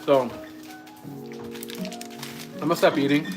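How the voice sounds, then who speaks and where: A man's voice: a little high, steady tone, slow pace, low-quality recording. Man chatting over guitar music. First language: Spanish. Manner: reads viewer comments aloud and chats between bites. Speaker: livestream co-host. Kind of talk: casual live-stream chat. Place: home kitchen. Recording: guitar music playing behind.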